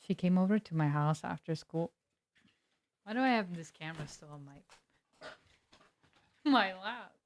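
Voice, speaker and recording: A woman's voice: lowish voice, lively intonation, unhurried, long pauses, dry recording. A young adult woman streaming as a variety streamer, chatting casually with her viewers in a rambling, talkative way and laughing often. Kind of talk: casual chat with live viewers.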